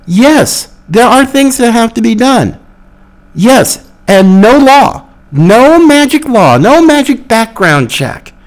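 A man delivers a heated commentary monologue as host of his own podcast. His voice sits high and swings widely in pitch as he argues, and he takes his time with each point. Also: low-quality recording. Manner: impassioned, argumentative, with mocking quotes.

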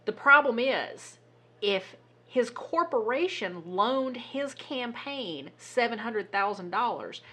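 A woman co-hosting a casual podcast, telling a story in an animated, exasperated way and swearing now and then. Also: fairly high pitch, slow pace, slightly rough. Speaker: podcast co-host. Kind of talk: casual chat.

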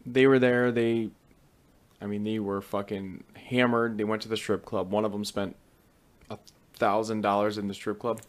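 A man co-hosting a podcast, telling stories in casual chat with halting restarts. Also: fairly low pitch, level tone. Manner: halting, repeats words and restarts. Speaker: podcast co-host.

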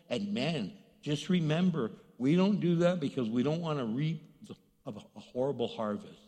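A man's voice: mid-range voice, a little mellow. A man preaching a sermon as pastor, telling stories animatedly and acting out the voices of the people in them. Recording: long reverb of a large hall.

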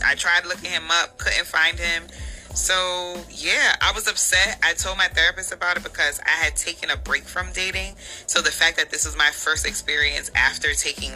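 A woman's voice: on the low side, bright, forceful tone, low-quality recording. A woman telling a casual storytime in an exasperated, chatty way.

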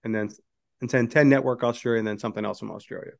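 Man reading news with drawn-out pauses. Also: mid-range voice, steady tone, gravelly. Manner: drawling, many "uh" pauses. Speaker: podcast co-host. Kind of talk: casual political chat, reading news aloud.

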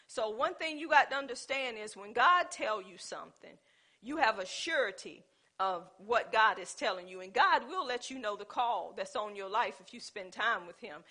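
A woman's voice: fairly high pitch, moderate pace. A woman preaching a sermon in a conversational, storytelling way, speaking. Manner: animated, conversational, with dialect and storytelling.

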